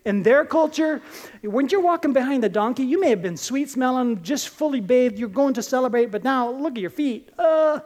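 A woman preaching a sermon, telling Bible stories in an animated, conversational way and acting out the quotes. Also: sits high, normal speed.

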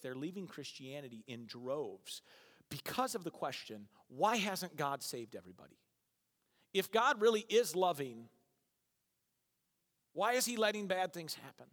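Lively high-voiced male preacher in a hall. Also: normal speed. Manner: animated, jokey, acts out voices. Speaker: pastor. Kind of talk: sermon. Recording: long hall reverb.

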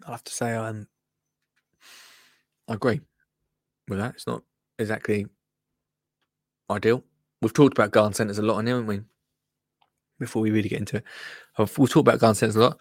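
A man's voice: lowish voice, steady tone, fairly quick, long pauses, dry recording, clean studio sound. A man hosting a podcast, reading out gardening news in a rambling, jokey way that keeps breaking off to comment. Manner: rambling, self-interrupting, jokey. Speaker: podcast host.

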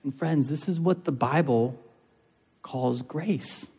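A man's voice: a little high, takes it slowly, a little mellow, breathy edge. Earnest male preacher in a reverberant hall. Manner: earnest, repeats and restarts phrases for emphasis. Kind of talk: sermon.

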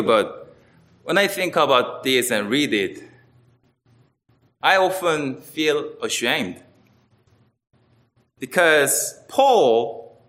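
Slow, bright-voiced man preaching. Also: medium pitch. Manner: earnest, emphatic, with wide swings between loud and quiet. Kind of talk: sermon.

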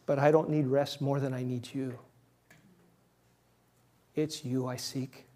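This pastor's sermon swings from quiet, slow, soft moments to energetic quotes he acts out, his pitch and volume rising. Self-deprecating humor runs throughout, and he laughs at his own mistakes.

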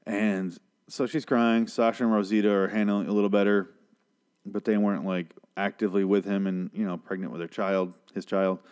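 A man's voice: lowish voice, level tone, brisk, darkish tone, clean tone. A man giving a rambling, casual recap of a TV episode, swearing often and adding sarcastic asides. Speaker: show recapper.

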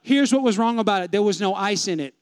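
High-voiced joking pastor. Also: male voice, fast, clear, resonant tone, no echo. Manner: animated, humorous, addresses the congregation. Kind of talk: storytelling sermon.

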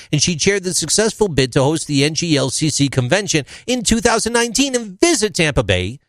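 A man's voice: fairly high pitch, no echo. A man hosting a casual talk show, joking and then reading a guest's introduction. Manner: jokey, reads introductions aloud. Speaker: host. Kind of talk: casual chat.

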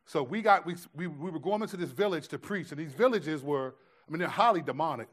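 Male pastor, fairly high voice, casual slangy sermon delivery, stops and restarts a lot. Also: fast. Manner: animated storytelling with many restarts and slang.

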